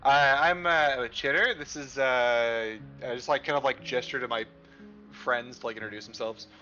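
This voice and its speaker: A man's voice: medium pitch, fairly even intonation, moderate pace, bright, forceful tone, lo-fi sound, soft background music. A young man playing a tabletop game, giggly and stammering. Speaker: player. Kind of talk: casual tabletop play.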